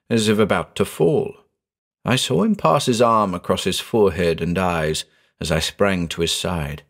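Male narrator for a horror tale, measured and dramatic, pitch moving freely. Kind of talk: scripted horror story narration.

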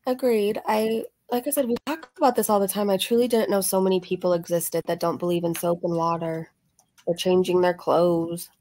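A woman's voice: fairly low pitch, fairly even intonation, fairly quick, mellow. A woman hosting a reaction channel, chatty and sarcastic, laughing often, her voice a little strained. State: voice slightly strained from screaming. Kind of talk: casual reaction commentary.

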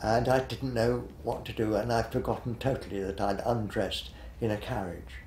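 A man's voice: on the low side, fairly even intonation, moderate pace, darkish tone, roomy sound, a little hiss or hum. A man in his eighties, a retired television director, reminiscing in an interview in a rambling, hesitant way, full of fillers and restarts. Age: 80s.

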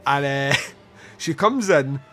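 A man's voice: medium pitch, lively intonation, slow, bright, forceful tone. A man hosting a podcast, casually recapping a film scene by scene, swearing freely and laughing between lines. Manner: swears casually, laughs often, retells scenes with lots of fillers. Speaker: podcast host. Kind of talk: casual film review chat.

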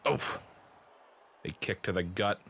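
A man's voice: low-pitched, takes it slowly, creaky, bright, forceful tone, a little hiss or hum. A man giving playful mock play-by-play commentary over a wrestling video game, bantering with his co-host.

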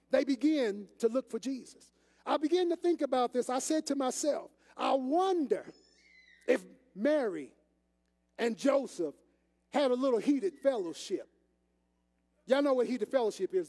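An older man preaches a sermon in a folksy, conversational way, speaking directly to the congregation. His voice is very high for a man and mellow in tone. A long echo hangs in the church hall around him. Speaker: assistant pastor. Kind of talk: sermon with storytelling. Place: church sanctuary.

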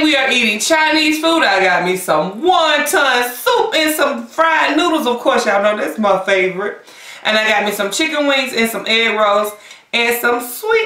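A woman's voice: on the high side, expressive, moderate pace, sharp tone, far from the mic. A woman hosting a casual eating-show vlog, chatting directly to her viewers. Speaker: mukbang vlogger. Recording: echoey room, voice away from the mic.

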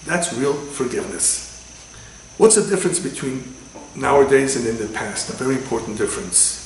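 A man, a rabbi, giving a religious lecture with animated storytelling and sudden loud quoted lines. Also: mid-range voice, moderate pace, a little hiss or hum. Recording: echoey room with faint ambience.

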